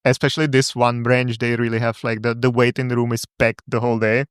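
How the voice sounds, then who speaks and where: Measured, hesitant man podcast co-host. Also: medium pitch, level tone, smooth, dry recording, studio quality. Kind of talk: casual podcast chat.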